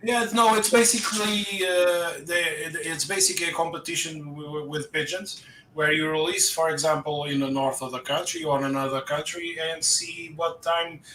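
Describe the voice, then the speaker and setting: A man chatting as a guest on a video call, explaining things slowly and carefully. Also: on the high side, steady tone, pushed and bright, a little hiss or hum. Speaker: guest on an online chat show. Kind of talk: casual chat on a video call.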